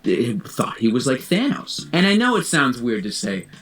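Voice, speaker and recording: A young man telling an animated, giggly story in casual chat with a friend. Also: mid-range voice, normal speed.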